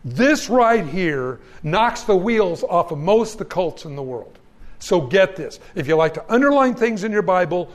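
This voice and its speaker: A man with a notably high voice preaches a sermon, moving between scripture reading and homespun asides. He is emphatic and folksy and calls his listeners friends. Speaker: pastor.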